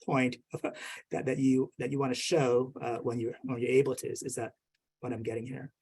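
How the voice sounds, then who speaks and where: A man's voice: mid-range voice, flat delivery, moderate pace, darkish tone, husky. A man moderating a virtual workshop, asking follow-up questions with many restarts.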